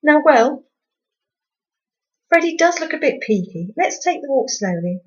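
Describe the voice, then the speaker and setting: A woman doing a high, chirpy mum. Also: sing-song, unhurried, lo-fi sound. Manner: high-pitched, bright and overly cheerful. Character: fussy upbeat mother, middle-aged woman.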